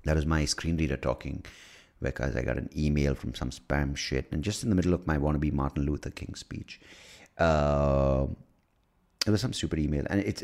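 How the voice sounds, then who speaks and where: An American man with a very deep, gravelly voice delivers a loose solo podcast monologue. He rambles, swears freely and pokes fun at himself. His pitch swings widely from low grumbles to sudden high bursts. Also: a little mellow. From United States. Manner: rambling, profane, self-mocking. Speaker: podcast host. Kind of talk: casual monologue.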